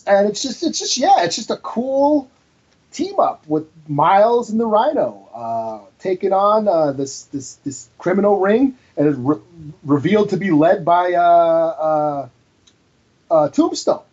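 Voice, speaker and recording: A man co-hosting a podcast, talking casually and hesitantly about a comic book with many pauses and fillers. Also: high voice, very animated, darkish tone, breathy edge, dull audio. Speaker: podcast co-host.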